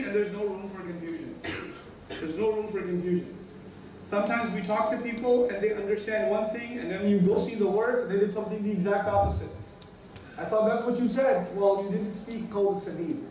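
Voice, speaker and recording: A man's voice: high voice, darkish tone, a little hiss or hum. A man preaching a sermon, earnest and direct, acting out short everyday exchanges with other voices. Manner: earnest, acts out little dialogues with other voices. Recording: echoey hall, mic from a distance.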